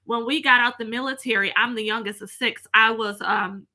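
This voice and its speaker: A woman's voice: on the high side, steady tone, normal speed, bright, forceful tone. A woman, chatting casually from home straight to her viewers and reading out their comments. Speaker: vlogger.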